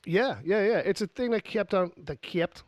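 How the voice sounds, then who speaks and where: A man's voice: sits high, normal speed, no echo, studio quality. A man hosting a podcast in casual chat, rambling and joking with lots of fillers and restarts. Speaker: podcast host.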